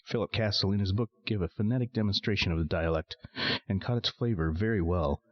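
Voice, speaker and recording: Deep-voiced man narrating a novel. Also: fairly quick. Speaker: audiobook narrator. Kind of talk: scripted narration. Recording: dry, dull lo-fi sound.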